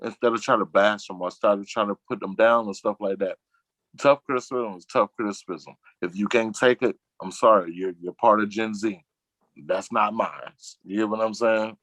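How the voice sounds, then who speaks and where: A man talks in a low, deep voice, recorded dry and close. He rambles through casual chat in slang and drops his voice to act out things his friends say. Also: steady tone, moderate pace, fairly bright tone, no room sound, poor audio. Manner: rambling, slangy, acts out quotes in a lower voice. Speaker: guest on a talk show.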